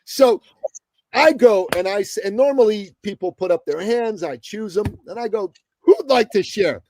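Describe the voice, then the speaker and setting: A man from the Middle East, a guest on a podcast, telling a story with emphatic pauses and asides to the host. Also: high-pitched, darkish tone, no room sound. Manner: emphatic, addresses the host often, dramatic pauses. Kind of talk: animated storytelling in a podcast interview.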